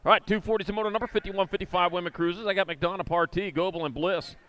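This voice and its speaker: Calling live BMX races inside an indoor arena, this male announcer fires off rider names and moto numbers, cracking corny jokes between heats. His voice is high-pitched and smooth, fairly bright, with fairly even intonation.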